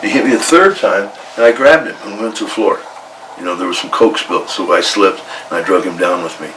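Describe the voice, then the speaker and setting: Low-voiced, profane man telling stories, echoey room. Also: a little fast, noisy background. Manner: blunt, profane, retells arguments in quoted dialogue. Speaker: retired pro wrestler guest. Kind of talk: candid storytelling interview. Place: indoor room with a coffee maker. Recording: echoey room, distant mic.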